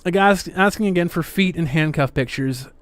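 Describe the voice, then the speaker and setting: A man's voice: a little high, moderate pace, no echo. A man hosting a casual livestream, reading viewer messages aloud with sarcastic, swearing commentary. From Canada. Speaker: livestream host.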